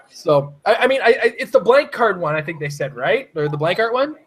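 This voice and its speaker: A man hosting a casual chat who rambles excitedly and laughs often. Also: high voice, moderate pace, breathy edge, low-quality recording. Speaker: podcast host.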